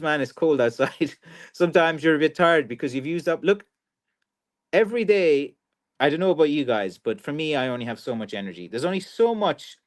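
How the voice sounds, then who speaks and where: Hosting a live stream, an Irish man with a Kerry accent chats casually and reads out viewer comments, rambling with restarts and plenty of fillers. His voice sits in the mid range.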